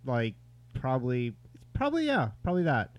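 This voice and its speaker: A man appearing as a comedian guest on a podcast, talking in a halting, self-deprecating way. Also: medium pitch, wildly swooping pitch, no room sound. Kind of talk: casual interview chat.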